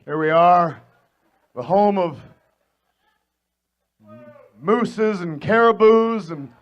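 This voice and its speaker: Brash shouting wrestler taunting a crowd. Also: male voice, sits high, animated, extremely slow, dull audio. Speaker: wrestler cutting a promo. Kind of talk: wrestling promo. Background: arena crowd.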